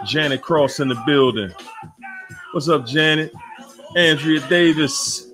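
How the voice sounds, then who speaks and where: A man's voice: fairly high pitch, faint music behind. A man hosting a live stream, greeting viewers in the chat one by one and hyping them up, still sweaty after a workout. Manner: hypes up viewers, drawn-out shout-outs. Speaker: livestream host.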